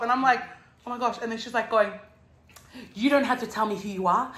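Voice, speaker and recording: A woman's voice: a little high, brisk, pauses often, a bit bright. A woman hosting a casual chat at home, telling stories in a bubbly way and acting out what people said with laughter. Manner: bubbly storyteller, acts out quotes with laughter. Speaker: host. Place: house, indoors. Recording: echoey room.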